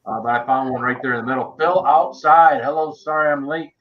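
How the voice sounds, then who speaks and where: A man's voice: on the high side, a little fast, dull audio. Chatty man hosting a live stream. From United States. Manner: chatty, greets viewers by name. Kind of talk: casual chat on a live stream. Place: basement.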